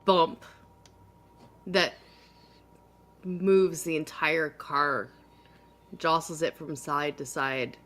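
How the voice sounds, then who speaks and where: A woman runs a live tabletop horror game. Her voice is bright and a touch low, and she lays out the scene slowly for atmosphere. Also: fairly even intonation. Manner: slow, atmospheric narration with laughs. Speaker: game master.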